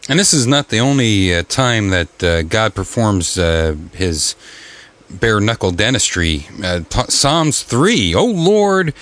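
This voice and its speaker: A man hosting a comic talk show, wisecracking and halting, with many fillers and restarts, often jumping into loud, high, exaggerated voices. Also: lively intonation. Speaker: radio show host.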